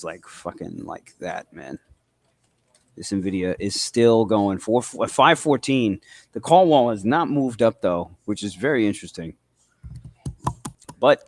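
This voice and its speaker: A man with a New England accent and a lowish voice chats loosely on a live market stream. He swears, teases his co-hosts and reads viewer comments out loud, while keys clatter faintly nearby. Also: dry recording. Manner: profane, bantering, reads chat aloud. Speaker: livestream trading host. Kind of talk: casual live market chat.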